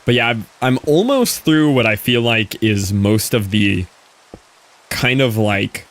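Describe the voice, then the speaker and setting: A man's voice: on the low side, lively intonation, takes it slowly. A man streaming a game, chatting casually with viewers and answering their messages as he plays. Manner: chatty, answers chat, thinks aloud. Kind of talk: casual live-stream chat while gaming.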